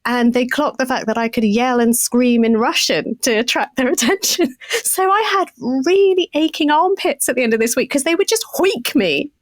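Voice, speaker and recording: A woman in her fifties, a podcast co-host, telling a story in a casual, animated, self-mocking way and laughing often. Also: high voice, normal speed, no echo.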